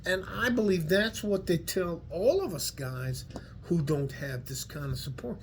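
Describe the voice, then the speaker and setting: This middle-aged vlogger has a West Texas accent and a fairly high, animated voice that moves a little slowly, with slight background noise. He rambles to his viewers in an earnest, folksy, heartfelt monologue, salted with rough language.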